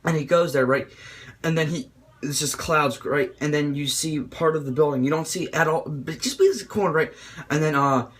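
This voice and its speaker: A young man excitedly reviewing a movie in an informal, rambling way, swearing freely. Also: on the high side, normal speed, slightly rough. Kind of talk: casual video review.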